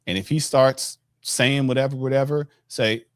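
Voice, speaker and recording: A man who works as a financial advisor, chatting casually on a podcast and telling stories with lively acted-out quotes. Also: medium pitch, moderate pace. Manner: lively storyteller who acts out the people he quotes.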